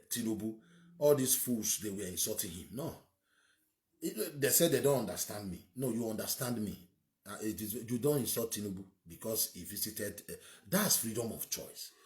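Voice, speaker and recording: A man's voice: on the high side, reverberant. A man with a Nigerian accent giving an opinionated monologue as a political commentator, emphatic and ranting, firing off rhetorical questions.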